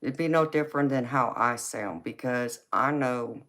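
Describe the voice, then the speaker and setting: A woman's voice: very deep voice, normal speed. A woman with a Southern accent from Georgia, chatting casually and drawling on a livestream as she answers viewers. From California. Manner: drawling, relaxed, calls people baby. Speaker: tarot reader on a livestream. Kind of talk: casual live chat reading viewer comments.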